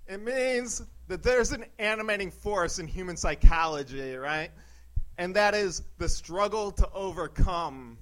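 A man playing a deadpan young bro who delivers grandiose, pseudo-philosophical musings in an improvised comedy bit. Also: high voice, measured pace, rough recording.

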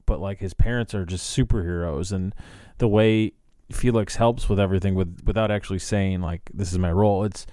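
A man's voice: low-pitched, steady tone, brisk, mellow, dry recording, studio quality. A man chatting casually as a podcast co-host in a loose, opinionated way. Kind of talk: casual chat.

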